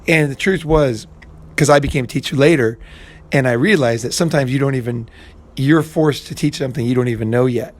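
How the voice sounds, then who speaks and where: A man's voice: mid-range voice, a little fast. A man hosting a casual monologue, rambling with many restarts and fillers and some blunt swearing. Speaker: podcast host.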